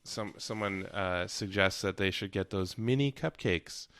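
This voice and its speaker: A man hosting a podcast, talking casually in a hesitant, halting way with many ums and uhs. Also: sits low, fairly bright tone, clean tone. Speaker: podcast host. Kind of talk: casual chat.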